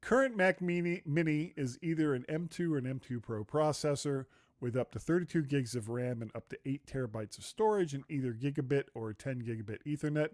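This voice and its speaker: A man co-hosting a casual tech podcast, chatty and quick to laugh, telling stories and reading show notes aloud. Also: mid-range voice, a little mellow. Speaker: podcast co-host.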